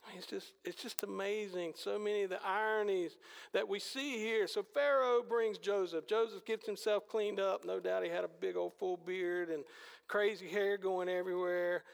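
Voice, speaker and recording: A man preaching a sermon with animated storytelling and rhetorical questions, in a large church hall. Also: sits high, moderate pace, vocal fry, smooth. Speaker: pastor. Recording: long hall reverb.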